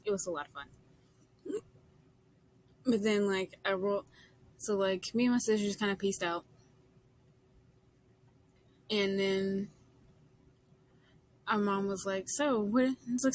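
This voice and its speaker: A woman's voice: mid-range voice, normal speed. Chatty young woman telling a rambling story. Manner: chatty, rambling, full of "like" and quoted dialogue. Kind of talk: casual storytelling rant.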